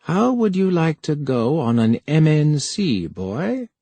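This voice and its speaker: Brief: narrator playing an older male superior, brisk and fatherly, husky, dry. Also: a little high, very animated, mellow, no room sound, voice pushed up, exaggerated voice. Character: older male senior official, brisk, smoking.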